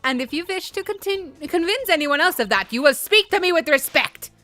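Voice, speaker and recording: Woman doing Franziska, a haughty high-pitched prosecutor. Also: lively intonation, brisk, sharp tone, no room sound, soft background music, heavily acted. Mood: commanding. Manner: imperious, demanding respect. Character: haughty young woman prosecutor, commanding and proud.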